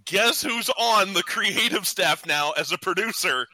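A man's voice: high-pitched, a little slow, bright, forceful tone, no echo, poor audio. A man co-hosting a casual wrestling talk show, rambling and self-deprecating. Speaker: co-host, the intern.

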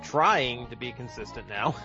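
A man's voice: medium pitch, unhurried, sharp tone, muffled recording, faint music behind. A man hosting a casual online talk radio show, upbeat and teasing his co-hosts. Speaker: host. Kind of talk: casual podcast chat.

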